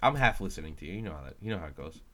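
A man's voice: deep voice, sing-song, racing, fairly bright tone. A man co-hosting a casual chat show, talkative and playfully teasing. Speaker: podcast co-host.

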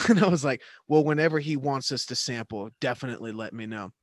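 A man's voice: mid-range voice, quick pace, dry recording, clean studio sound. A young man telling rambling, profane stories in casual chat with a friend, laughing often. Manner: loose, profane, laughing storyteller.

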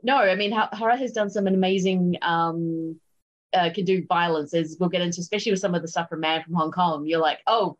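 A woman hosts a casual film podcast, chatty and upbeat. Her voice sits in an ordinary middle pitch, and her talk is dotted with fillers and little laughs. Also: highs cut off. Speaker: podcast host.

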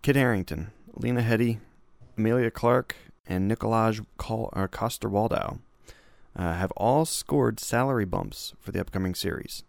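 A man's voice: lowish voice, normal speed, creaky, dry recording. A man co-hosting a podcast in casual chat, laid-back and rambling, reading out news items. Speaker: podcast co-host.

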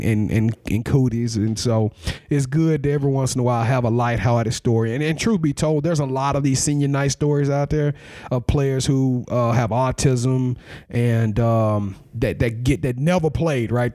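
A man's voice: medium pitch, dark tone. A middle-aged man co-hosting a casual chat show, joking and laughing often, with a slightly scratchy throat. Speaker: podcast co-host.

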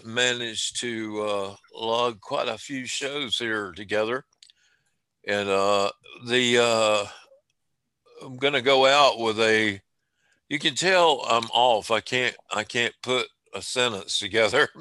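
A man's voice: medium pitch, bright, forceful tone, smooth, dry recording. A man hosting a casual chat show, rambling along with lots of fillers and restarts. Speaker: podcast host.

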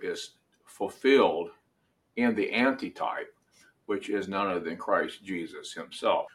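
A male preacher delivers a sermon in a slightly low voice. He speaks very slowly and deliberately. He lifts his voice for emphasis as he reads scripture. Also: a bit bright. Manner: slow, deliberate, rising with emphasis when reading scripture.

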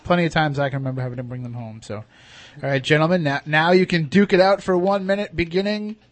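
A man's voice: fairly high pitch, fast talker. A man moderating a timed debate, calling time and joking between rounds. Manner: friendly, joking timekeeper. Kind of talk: casual podcast moderation.

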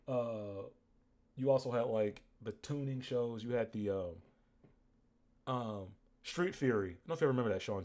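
A man's voice: medium pitch, normal speed, a little mellow. A man co-hosting a podcast in casual chat, rambling and joking with lots of fillers. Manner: rambling, jokey, with many fillers. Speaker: podcast co-host. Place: lives in Dallas.

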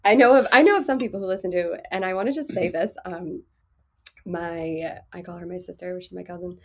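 A woman in her thirties hosting a podcast, with a soft, soothing voice, chatting frankly and laughing often. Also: lowish voice, a little fast. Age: 30s. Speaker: podcast host. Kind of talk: casual podcast chat.

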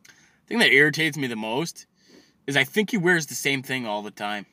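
Animated, ranting man with a bright voice. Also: medium pitch, moderate pace, slight background noise. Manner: swears constantly, stammers and restarts; agitated, swings between loud outbursts and mutters. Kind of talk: profane comedic rant.

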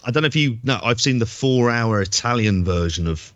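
A man's voice: mid-range voice, lively intonation, brisk, fairly bright tone, no echo, muffled recording. A man co-hosting a podcast, telling rambling stories in casual chat and swearing freely. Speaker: podcast co-host.

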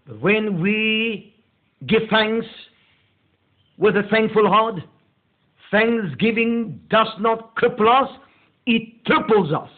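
A male pastor delivering a meditative sermon, slow and deliberate, leaning hard on key words. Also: high voice. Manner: slow, deliberate preaching with drawn-out emphasis. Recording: tinny phone-like audio.

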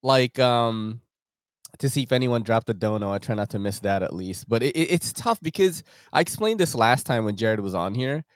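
Brief: easygoing male host, mid pitch, lively intonation, dry sound. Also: normal speed, no room sound. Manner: laid-back, laughs often, slangy. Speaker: podcast host. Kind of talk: casual podcast chat.

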